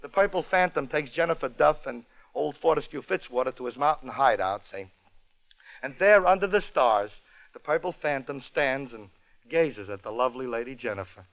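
A man's voice: medium pitch, animated, normal speed, low-quality recording. A man hosting a comedy show, telling a comic story in a wry, joke-timed way. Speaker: comedy radio host.

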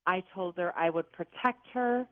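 A woman in her fifties from the Chicago area recounts her ghost encounters with lively drama and self-mocking humor. Her voice comes through a thin, phone-like line with no room sound at all. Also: on the low side, normal speed, dry recording. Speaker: paranormal investigator guest. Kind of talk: animated storytelling interview. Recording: tinny phone-like line, dry.

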